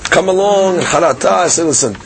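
A man giving a daily Talmud lesson, explaining in a lively conversational way with many fillers and restarts. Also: sits high, fairly quick, gravelly, slight background noise. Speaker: Talmud teacher.

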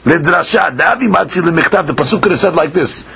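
A man teaching a Talmud lesson, chanting the text in a sing-song and then explaining it quickly, asking and answering his own questions. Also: on the high side, expressive, creaky, pushed and bright, slight background noise. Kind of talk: Talmud lecture. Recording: dull lo-fi podcast recording with faint ambience.

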